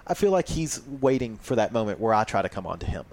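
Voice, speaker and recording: A man's voice: on the low side, sing-song, quick pace, a little mellow. A man co-hosting a podcast in casual chat, often stumbling and repeating words as he starts a thought. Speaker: podcast co-host.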